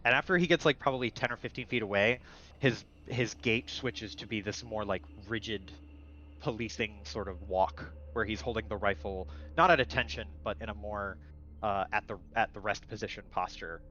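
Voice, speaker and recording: A man's voice: on the low side, normal speed, pushed and bright, muffled recording. A man narrating a tabletop game as game master, rambling with many fillers and restarts.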